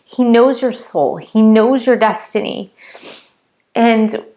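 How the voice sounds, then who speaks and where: A woman's voice: on the high side, slow, mellow. A woman vlogging a heartfelt spiritual testimony, talking earnestly and casually, repeating phrases and filling gaps with "like", emotional and close to tears at times. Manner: earnest, repetitive, many "like" fillers.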